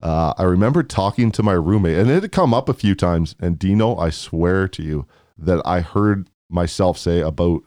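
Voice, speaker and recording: A Canadian man co-hosting a casual sports chat, laid-back and musing, thinking aloud with many pauses. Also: low-pitched, animated, a little mellow, no echo, studio quality. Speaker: co-host.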